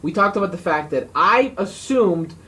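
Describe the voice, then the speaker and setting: Animated, joking man co-hosting a podcast. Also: high-pitched, normal speed. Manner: joking, swears freely. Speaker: podcast co-host. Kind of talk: casual drinking-podcast banter. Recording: voice a bit far from mic, faint noise.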